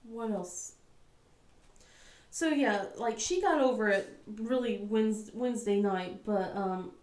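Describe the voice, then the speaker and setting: A woman's voice: mid-range voice, slow pace, a little mellow, echoey room. A woman with a cold and a scratchy throat, chatting casually as a crafting vlogger, rambling with lots of ums and laughing often. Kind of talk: casual chat.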